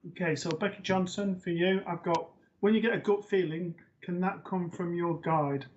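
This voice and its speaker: Male host, medium, chatty with fillers, higher voice, muffled stream audio. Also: normal speed. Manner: relaxed, hesitant with fillers. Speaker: psychic medium hosting a live show. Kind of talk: live-stream host talk.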